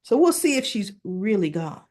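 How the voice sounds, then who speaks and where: A woman casually recapping soap opera episodes, chatty and animated, briefly mimicking characters and sometimes searching for words. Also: medium pitch, moderate pace. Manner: searches for words with restarts and fillers.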